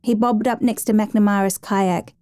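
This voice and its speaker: A woman reading a dramatic true story as a steady, measured narrator. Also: medium pitch, no room sound.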